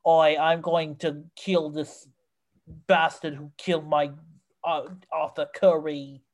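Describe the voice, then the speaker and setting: Brief: mocking English-accented actress impression, done by a podcast host, slow and exaggerated. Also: medium pitch, little pitch movement, lightly acted. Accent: put-on English.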